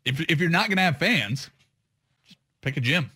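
A man's voice: a little high, lively intonation, bright, forceful tone, husky. A man co-hosting a sports radio show, chatting casually with a wry, teasing manner. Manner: wry, teasing, quick to laugh.

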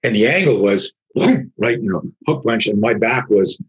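A man, a martial arts instructor in his fifties or older, telling a story in casual conversation, animated and profane, acting out what people said. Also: on the low side, moderate pace, slightly rough, poor audio. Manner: animated, profane, acts out quotes.

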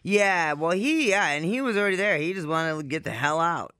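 Bright smooth-voiced guy cracking blunt jokes on a podcast, dry close mic. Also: on the high side, lively intonation, a little fast, no echo. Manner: wry, joking, blunt. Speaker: podcast co-host. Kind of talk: casual chat.

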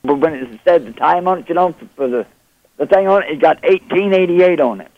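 A man's voice: on the high side, no room sound. Earnest man caller on a dull phone line. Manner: slow, plain-spoken, earnest. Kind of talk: phone call.

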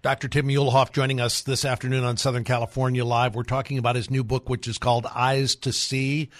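Male radio host, mid pitch, polished read, close dry studio sound. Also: level tone, brisk, dry recording. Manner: smooth scripted host read. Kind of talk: radio show hosting.

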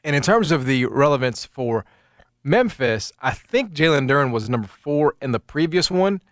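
A man's voice: medium pitch, normal speed, no echo, studio quality. A man hosting sports talk radio, telling stories animatedly with lots of fillers. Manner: animated storytelling with many fillers. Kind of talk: casual sports radio banter.

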